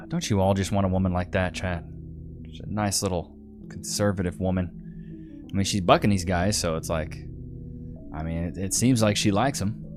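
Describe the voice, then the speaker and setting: A man hosting a reaction video, mocking the clips in casual slang. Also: low-pitched.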